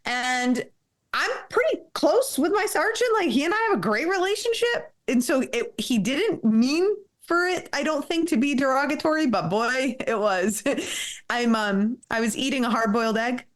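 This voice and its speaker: A woman's voice: sits high, animated, normal speed. A woman in her thirties speaks as a podcast guest, recounting her experiences in a frank, candid way. She curses without hesitation and laughs often between points. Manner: blunt, profane, laughs often. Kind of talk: candid interview storytelling.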